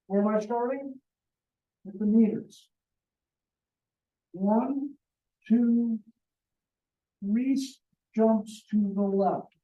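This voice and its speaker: Joking man teaching math slowly. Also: high-pitched, fairly even intonation, echoey room, recorded from a distance, phone-quality sound. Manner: joking, talks to students directly. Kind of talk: classroom lecture.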